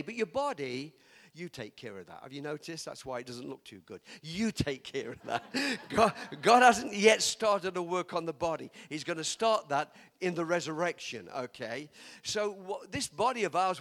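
A man's voice: a little high, fairly bright tone. An older man from England, preaching a chatty sermon full of stories, laughing often and teasing his listeners.

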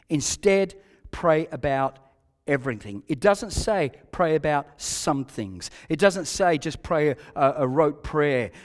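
A man with an Australian accent preaching a sermon as a pastor, emphatic, repeating key phrases and moving between loud and hushed delivery. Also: high-pitched, in a large hall.

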